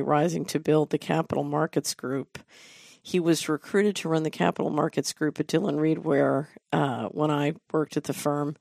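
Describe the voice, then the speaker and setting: A middle-aged woman hosting a talk show, delivering a measured, deliberate commentary monologue. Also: sits low, creaky, a little mellow, no echo, clean studio sound. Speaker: host.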